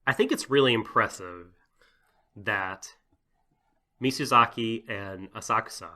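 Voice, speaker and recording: A podcast co-host with a fairly low, bright, and forceful voice speaks unhurriedly. His casual talk rambles, packed with "like" and "you know," and he laughs often.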